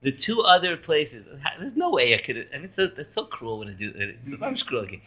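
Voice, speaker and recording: A man, a rabbi, teaching a Torah class in a lively way, quizzing and joking with his students. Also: mid-range voice, brisk, few pauses, breathy edge, highs cut off.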